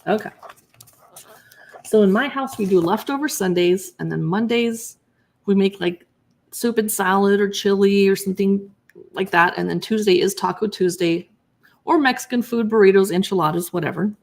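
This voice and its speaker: A woman's voice: medium pitch, normal speed. A woman who blogs about cookbooks, chatting casually on a live stream as she pages through recipes and answers viewers in chat.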